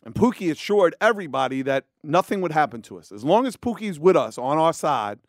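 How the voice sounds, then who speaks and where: A middle-aged man telling a story in casual chat, profane and animated. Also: on the high side, brisk, no echo, studio quality. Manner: profane, animated, acts out voices.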